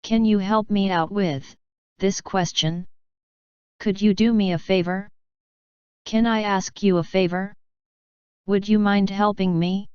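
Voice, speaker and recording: A woman reads short example phrases for an English lesson, one after another. Her voice is very clear and her pace slow and deliberate. The recording is dry and slightly dull. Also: medium pitch, steady tone, no echo. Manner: slow, careful, evenly spaced delivery of short phrases. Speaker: English teacher. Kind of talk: reading example phrases aloud.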